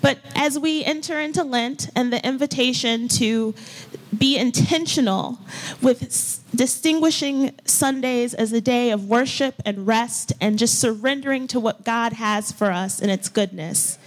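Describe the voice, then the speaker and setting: A woman pastor preaching and gently leading her congregation through a guided scripture practice, with an unhurried, inviting manner. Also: a little high. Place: church hall with folding chairs.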